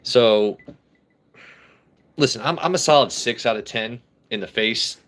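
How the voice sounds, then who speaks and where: A man's voice: medium pitch, unhurried, fairly bright tone. A man hosting a casual live stream, reading comments aloud, joking brashly and swearing freely. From United States. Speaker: livestream host.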